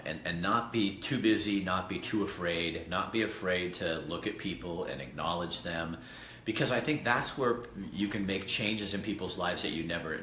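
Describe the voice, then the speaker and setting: A man's voice: deep voice, pushed and bright. A man hosting a casual vlog, rambling and earnest as he tells a story and talks to viewers. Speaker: host. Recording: echoey room with faint background noise.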